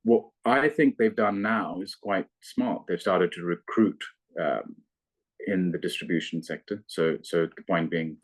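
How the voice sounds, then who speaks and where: A man working as a fund manager, explaining investments in a measured, analytical way with frequent restarts. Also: low-pitched. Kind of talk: investment interview.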